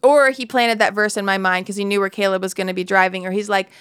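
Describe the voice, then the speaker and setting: A woman's voice: mid-range voice, fairly even intonation, fast, fairly bright tone, clean tone, dry recording. A woman in her forties giving a candid devotional Bible talk, telling a personal story with laughs and asides, into a close studio mic.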